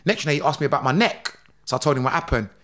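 A middle-aged man tells stories as a podcast guest. His voice sits high, and his delivery is lively and slangy, with laughs between lines. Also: very fast. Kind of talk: animated storytelling.

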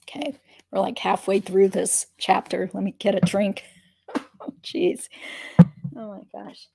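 A woman's voice: mid-range voice, unhurried, creaky, mellow, slightly rough. A woman reading a memoir aloud, breaking off for dry, wry asides between passages. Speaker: reader of a memoir.

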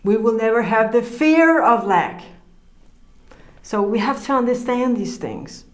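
A woman's voice: fairly high pitch, lively intonation, measured pace. A woman preaching an informal sermon, earnest and conversational, laughing often as she teaches. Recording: roomy echo.

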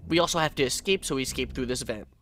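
A man's voice: medium pitch, fast talker, fairly bright tone. A man giving a casual, laid-back voice-over of his own gameplay, swearing freely and adding sarcastic asides. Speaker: gaming video creator.

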